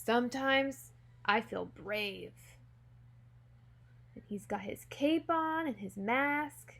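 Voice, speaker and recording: Teacher lady doing a kids' book read-aloud, gentle and expressive, talks right to the little ones, slightly high voice. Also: slow pace, creaky. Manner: gentle, expressive, speaks directly to young listeners. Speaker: teacher reading aloud to children. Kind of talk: children's storybook read-aloud.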